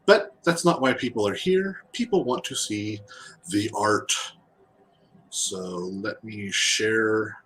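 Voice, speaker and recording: A man with a lowish voice chats casually as he works on a drawing. He talks in a halting way, often repeating words before he finishes a thought, and a faint hiss sits under his voice. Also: big pitch swings, a bit bright. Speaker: RPG artist guest. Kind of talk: casual chat while drawing.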